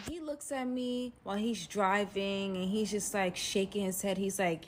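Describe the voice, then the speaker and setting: A young woman telling a dramatic story to the camera, with loud bursts in an animated storytime vlog. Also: mid-range voice, normal speed, few pauses.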